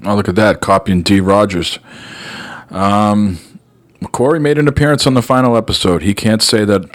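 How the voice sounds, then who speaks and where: Low-voiced podcast host introducing calls. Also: male voice, lively intonation, moderate pace. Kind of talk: casual podcast hosting.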